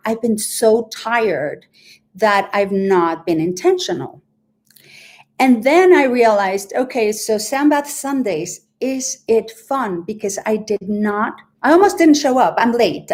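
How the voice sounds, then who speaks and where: Slow-talking earnest woman host. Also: mid-range voice. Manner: earnest, reflective, emotional and rambling. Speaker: host of a weekly sound bath livestream. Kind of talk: candid heartfelt livestream talk.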